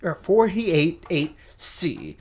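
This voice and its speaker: A woman's voice: on the low side, very animated, very slow, a little mellow, exaggerated voice. A woman voicing a stern, cunning male falcon lawyer with a firm, commanding delivery. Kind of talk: voicing a game character while reading.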